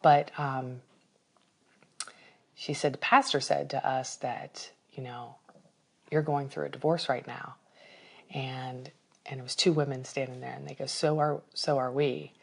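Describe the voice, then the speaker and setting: A woman with a low voice tells a personal story in casual podcast chat. She talks with animation and open emotion. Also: level tone, a little slow, vocal fry, long pauses, slightly rough.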